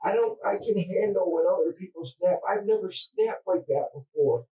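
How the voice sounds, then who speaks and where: A man confessing under police interrogation, halting and distressed, stammering through restarts. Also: high voice, warm tone, muffled recording. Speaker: murder suspect under interrogation. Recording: distant mic in interrogation room.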